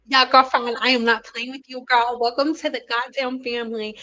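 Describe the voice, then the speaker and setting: A young woman hosting a hair care live stream, chatting with viewers in a loud, playful way. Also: fairly high pitch, level tone, normal speed, soft background music, poor audio. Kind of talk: casual live-stream chat.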